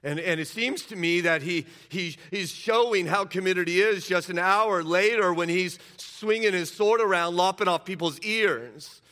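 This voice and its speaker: A man delivers a sermon in a bright, forceful voice that sits a little high for a man. He tells the scripture story with emphatic energy and slips into the characters' words as he preaches. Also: measured pace, hardly any pauses. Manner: emphatic, animated retelling that acts out quotes. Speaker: pastor.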